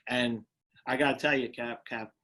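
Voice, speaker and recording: A man's voice: medium pitch, fairly even intonation, moderate pace, sharp tone. Middle-aged new york guy chatting on an interview, keeps restarting his sentences. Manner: repeats words and restarts often, laughs easily. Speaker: guest, retired firefighter and motivational speaker. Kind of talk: casual interview storytelling.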